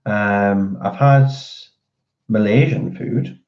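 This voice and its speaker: Man, very deep voice, casual rambling chat, ums and restarts, muffled lo-fi sound. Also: very slow. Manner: rambling, with many fillers and restarts. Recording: dull lo-fi audio.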